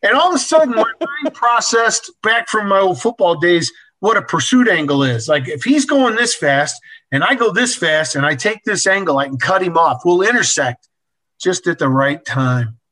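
An older man telling a casual anecdote in an animated, folksy way, chuckling as he goes. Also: high voice, normal speed, poor audio. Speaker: storyteller.

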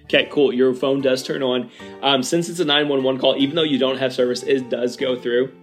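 A man narrating a tabletop game as game master in a relaxed, hesitant way with many fillers. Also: mid-range voice, fairly quick, soft background music.

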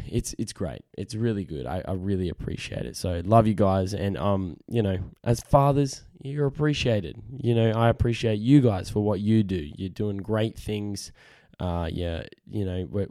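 Husky-voiced man, earnest podcast host. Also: low-pitched, dark tone, dry recording, clean studio sound. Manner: earnest, rambling, repeats words. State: husky voice from a cold. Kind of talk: casual solo podcast monologue. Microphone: studio podcast microphone.

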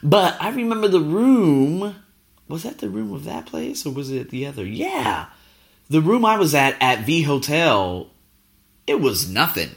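A man's voice: on the high side, big pitch swings, measured pace, vocal fry. A man hosting a podcast, telling a travel story in a casual, profane, ranting way. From United States. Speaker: podcast host.

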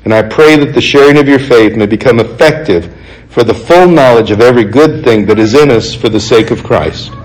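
A man preaching a sermon, reading scripture passages aloud and explaining them in an earnest, conversational way, slowing down to stress key points. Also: medium pitch, low-quality recording. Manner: earnest, conversational, slows for emphasis.

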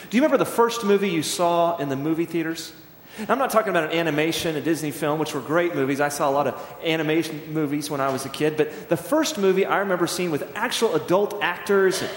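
A man's voice: fairly high pitch, slight background noise. A middle-aged man preaching a sermon as pastor, telling stories in a conversational way and acting out scenes. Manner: conversational storytelling, acts out scenes. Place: church sanctuary. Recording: echoey church hall.

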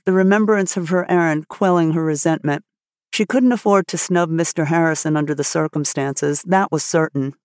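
A woman's voice: on the low side, no echo. Woman narrating a story, dry close sound. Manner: measured, expressive reading. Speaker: audiobook narrator.

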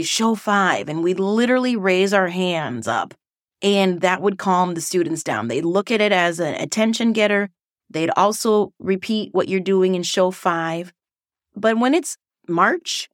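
A woman, a former teacher, hosting a casual reflective podcast monologue in a playful, animated way. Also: lowish voice, no room sound, clean studio sound. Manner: playful and animated, acting out voices.

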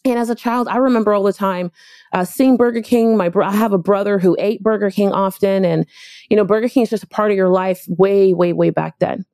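A woman who owns businesses giving an emphatic, animated business talk, repeating her points for effect, raised in Miami. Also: medium pitch, fairly quick, no echo, studio quality. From Miami, Florida. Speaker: business owner.

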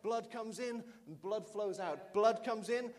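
A man's voice: high-pitched, a little slow, a little mellow. A man preaching a sermon as pastor, emphatic and repeating key lines for the congregation to say with him. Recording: long reverb of a large hall.

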